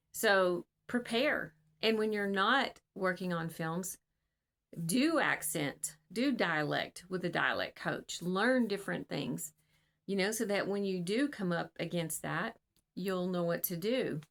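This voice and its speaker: Woman casting director, lowish voice, casual and earnest advice to camera, rambling with lots of fillers, video call. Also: a little slow, fairly bright tone.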